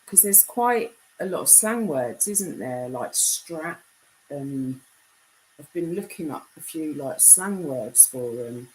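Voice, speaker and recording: A young British woman chatting casually on a live stream, reading out viewer comments; her voice is deep enough to be mistaken for a man's. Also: animated, slow pace, darkish tone, a little hiss or hum, poor audio. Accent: British English. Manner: chatty, reads comments aloud.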